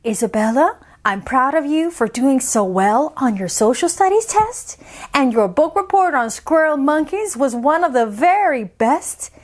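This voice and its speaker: A woman voicing a patient, gentle female schoolteacher who speaks calmly and softly. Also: high voice, unhurried. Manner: calm, soft-spoken, coaxing.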